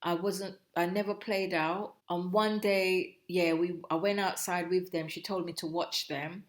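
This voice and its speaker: A middle-aged woman from Jamaica, telling her own story as an interview guest in a reflective, halting way, often breaking off and restarting. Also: lowish voice, fairly even intonation. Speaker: guest, host's mother. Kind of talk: personal storytelling.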